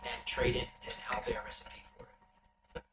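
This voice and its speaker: A man running a tabletop game as game master, giving a loose, halting recap of the last session to his players. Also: bright, forceful tone. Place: room shared with players at the table. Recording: roomy, distant mic, background noise.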